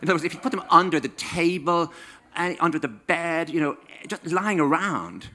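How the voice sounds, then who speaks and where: A man's voice: fairly high pitch, expressive, moderate pace, bright, forceful tone. A man in his sixties with an Irish accent, an author telling comic stories to a live audience in a wry, playful way. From Ireland. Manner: wry, playful, acts out quoted voices. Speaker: author giving a stage talk. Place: stage in a small venue.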